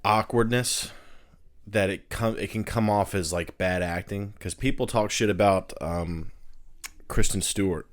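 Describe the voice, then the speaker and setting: A man co-hosting a podcast, talking about a film in a relaxed, halting way with small laughs. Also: lowish voice. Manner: laid-back, hesitant, laughs often. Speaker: podcast co-host. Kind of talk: casual film chat.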